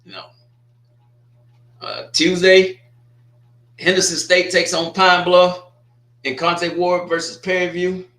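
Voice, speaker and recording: A man's voice: high-pitched, slow pace, long pauses, sharp tone, reverberant. A sports livestream host, chatting loosely and jokingly straight to his viewers. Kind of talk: casual livestream commentary.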